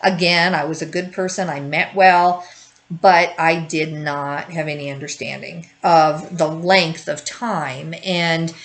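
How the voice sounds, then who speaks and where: A woman in her fifties hosts a grief-support video, talking candidly to the camera while rambling in circles and often restarting. Her voice is low-pitched with fairly even intonation and a slow pace, and the recording quality is low.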